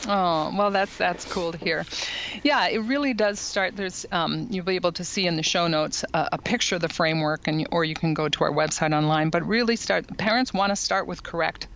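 A podcast guest explaining a parenting approach in a thoughtful, measured way with frequent fillers. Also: mid-range voice, a bit bright, slight background noise. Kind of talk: casual podcast conversation.

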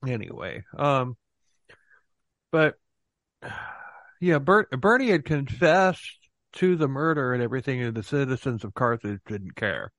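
A man's voice: medium pitch, lively intonation, unhurried, long pauses, fairly bright tone, no room sound. Sarcastic male podcast host, dry sound. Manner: dry sarcastic humor, frequent laughing. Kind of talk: casual podcast chat.

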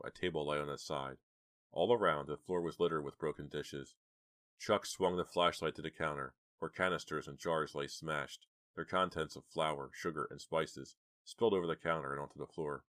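A man narrating a horror audiobook in a steady, measured storytelling manner. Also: very deep voice, no room sound, clean studio sound.

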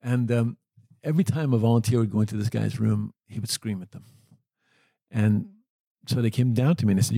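A man with a low, gravelly, husky voice recounts his caregiving work in a gentle, earnest manner. The sound is dark and dry, close to the mic. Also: fairly quick, dry recording. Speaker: end-of-life caregiver. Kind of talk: reflective storytelling.

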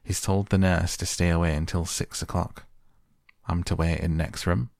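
A man's voice: low-pitched, flat delivery, normal speed, vocal fry, a little mellow, dry recording, studio quality. A man doing a timid housemaid. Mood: nervous. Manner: timid, deferential. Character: young Yorkshire maidservant, nervous and humble.

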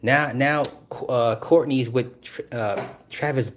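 A man ranting casually and profanely about celebrity gossip, animated and breaking into laughs. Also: medium pitch, slow, a little hiss or hum. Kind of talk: casual rant.

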